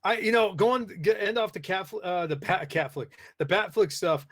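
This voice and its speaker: A man hosting a live podcast in a loose, rambling way, full of "uh" and "let's see." His voice sits a bit high for a man. He talks casually, as if to friends. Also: lively intonation, moderate pace, a bit bright. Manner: rambling, many fillers, reads chat aloud. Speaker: podcast host. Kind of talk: casual live-stream chat.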